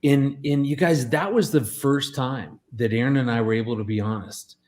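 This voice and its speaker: A man's voice: mid-range voice, normal speed, a little mellow. Earnest storytelling man, many restarts. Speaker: guest, marriage expert. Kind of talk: radio interview storytelling.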